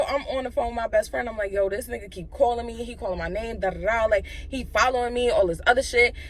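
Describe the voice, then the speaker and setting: A young woman tells a story for her vlog in a casual, profane rush, leaning hard on fillers. Her voice sits a little high and leaps up and down with lively swings. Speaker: vlogger.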